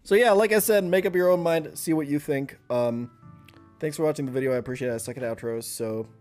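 A young man from Germany with a German accent, reacting to memes in a sarcastic, profane, animated way as a streamer. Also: mid-range voice, brisk, soft background music. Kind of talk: casual meme reaction commentary.

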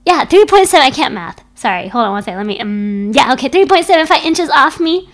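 A woman's voice: sits high, big pitch swings, fast talker, few pauses. A young woman streaming from home into a desk microphone, chatting casually and playfully with her viewers, often giggling.

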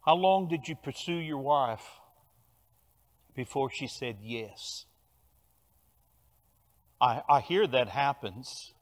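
An older man with a Cajun Louisiana accent preaching a sermon, telling stories with animated bursts of loud emphasis. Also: medium pitch, slow pace, long pauses. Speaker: pastor. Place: large church sanctuary. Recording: long church hall reverb.

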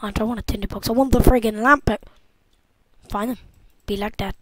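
A young woman giving casual, jokey let's-play commentary from home, excitable and talking back to the game as she plays. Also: on the high side, brisk, noisy background. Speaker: gameplay commentator.

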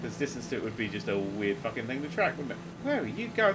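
A man giving excitable, sweary, laughing running commentary while playing a game. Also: medium pitch, fast talker, background noise. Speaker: gaming video host. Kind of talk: casual let's-play commentary.

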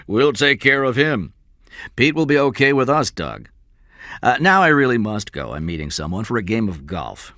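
A man's voice: mid-range voice, sing-song, moderate pace, pushed and bright, no echo, clean studio sound. A man reading aloud and voicing a smug, condescending middle-aged company boss.

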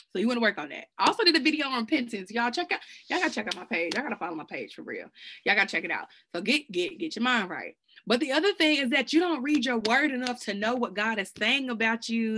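A woman giving a casual, excited Bible lesson to her viewers, speaking in loose slang and often sidetracked as she works through scripture. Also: on the high side, a little hiss or hum. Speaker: Bible study teacher. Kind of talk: casual preaching to camera. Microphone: self-recorded video.

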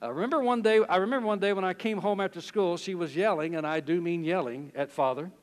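Man, pastor, sermon, high voice, storytelling, long hall reverb. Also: fast talker. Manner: animated storytelling, reads quotes aloud, chuckles often.

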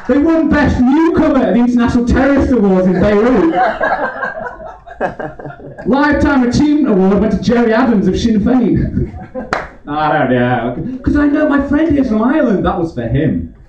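A man's voice: high-pitched, wildly swooping pitch, moderate pace, recorded from a distance, background noise. A drunk man doing a rambling stand-up set in a comedy club, swearing constantly and laughing as he goes. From England. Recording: roomy club recorded from afar, dull, crowd laughter. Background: audience laughter.

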